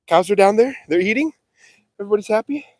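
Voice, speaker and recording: A man's voice: sits high, lively intonation, fast, a little mellow, dry recording, clean studio sound. A man chatting casually on a live stream as he walks an outdoor farm field with a handheld mic, talking playfully to his cattle. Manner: playful, sing-song calls to the animals. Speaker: livestream vlogger feeding cattle. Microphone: handheld mic while walking.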